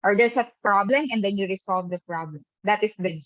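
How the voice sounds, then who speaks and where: A woman's voice: medium pitch, brisk, a bit bright, dry recording. A woman teacher running an online lesson who keeps checking in with the class by asking "right?". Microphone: webcam mic on a video call. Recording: dull, dry video-call audio.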